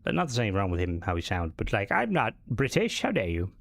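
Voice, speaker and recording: His voice is lowish with vocal fry, huge pitch swings, and a quick pace, captured in a dry recording. The young man, whose Irish accent is Americanized, offers rambling, casual live gameplay commentary to viewers, full of swearing.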